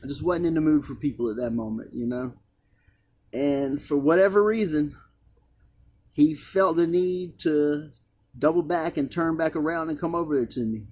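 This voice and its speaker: Earnest high-voiced man telling a testimony. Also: moderate pace, a little mellow, a little hiss or hum. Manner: earnest, rambling, repeats words. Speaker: vlogger. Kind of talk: emotional personal testimony.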